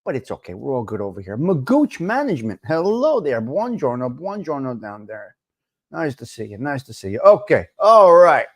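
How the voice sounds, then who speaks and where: A man's voice: mid-range voice, very animated, moderate pace. A man hosting a casual live-stream talk show, chatting loosely, rambling in asides and greeting viewers by name. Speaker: livestream talk show host.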